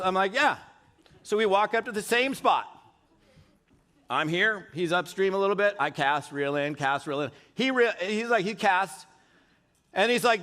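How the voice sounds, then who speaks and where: A man's voice: sits high, expressive, fairly quick, fairly bright tone. A middle-aged man giving a live motivational keynote on stage, telling stories energetically and throwing questions to the audience. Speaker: keynote speaker. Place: large event hall on stage.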